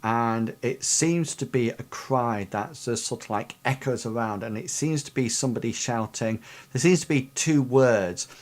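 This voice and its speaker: A man's voice: medium pitch, normal speed. A man narrating a fantasy tabletop game as game master, rambling with many fillers. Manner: rambling, many ums and sort-of-likes.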